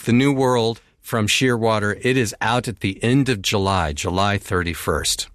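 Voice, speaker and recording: A man speaking at a moderate pace hosts a radio music show, chatting about songs with a guest. He's enthusiastic and casual, his pitch shifting as he talks. The studio sound is dry, with no room sound.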